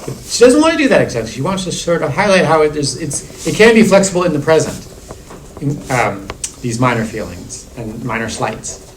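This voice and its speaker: A man's voice: a little high, sing-song, a little fast, a little hiss or hum, low-quality recording. Discursive male lecturer in a seminar. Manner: discursive, many restarts and "like" fillers. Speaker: university lecturer. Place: classroom.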